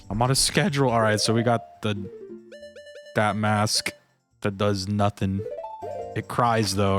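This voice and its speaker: A man's voice: on the low side, fairly bright tone. A man streaming a video game live and chatting casually, in a laid-back, slangy way, calling out "dude" all the time. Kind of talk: live gameplay commentary.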